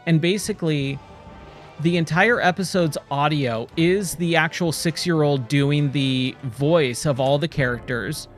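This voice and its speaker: A man in his forties talks through a game stream in a slightly raised voice. He rambles casually, gets excited easily and keeps calling the listener "dude." Faint game music sits behind him. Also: a little high, a little slow. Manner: rambling, nostalgic, excitable, says "dude" a lot. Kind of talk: casual gameplay commentary. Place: home, playing a VR game.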